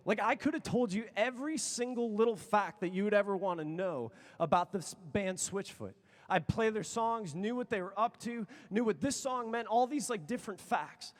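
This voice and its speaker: A man in his thirties, a youth conference speaker telling a story with excitable energy and sudden shouts. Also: high voice. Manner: excitable, animated, bursts into shouts. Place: large conference hall. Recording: long reverb of a big hall.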